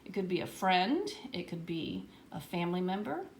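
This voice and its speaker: A woman teacher walks young children through a writing lesson. Her voice sits a little low and carries some gravelly fry. She slows right down and leans hard on each example word, and a faint hiss runs under the recording. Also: big pitch swings. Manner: slow, exaggerated reading of words. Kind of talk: early-grade writing lesson.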